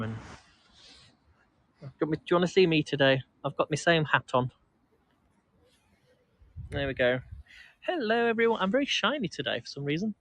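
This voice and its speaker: Here the English host's mid-range voice comes across bright and forceful as he strolls in a park chatting with his live-stream audience. It's a dry recording of casual, rambling talk punctuated by restarts and laughs.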